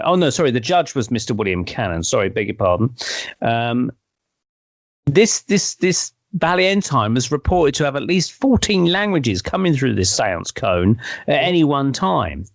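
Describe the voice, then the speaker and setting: A man's voice: medium pitch, creaky, no echo. A man telling a story casually, rambling along with many fillers and self-corrections.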